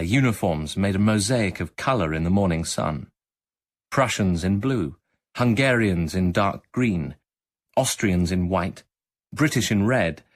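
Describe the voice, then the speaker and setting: A man with a fairly low voice reads a story in the first person for radio. His delivery is measured and reflective, suited to an unhurried literary narration. It comes from an archived broadcast.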